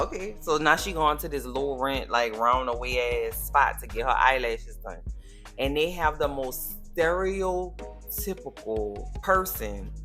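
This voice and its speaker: A woman recaps a TV episode in a sassy, blunt, slang-filled chat. Her voice is bright and forceful, and faint music plays underneath. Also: extremely low pitch. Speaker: TV recap vlogger.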